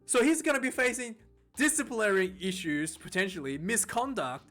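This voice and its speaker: A man with a high-pitched voice hosts a casual rugby news vlog. He rambles, restarting and repeating words as he goes. Faint music sits behind him. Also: sing-song, normal speed, bright, forceful tone.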